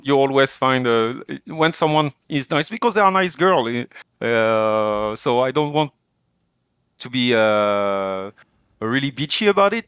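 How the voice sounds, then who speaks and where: A man with a French accent co-hosting a casual livestream chat, pausing often with fillers in English, his second language. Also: mid-range voice, a bit bright, clear, resonant tone, no echo. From France. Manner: hesitant, many fillers, chuckles often. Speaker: co-host.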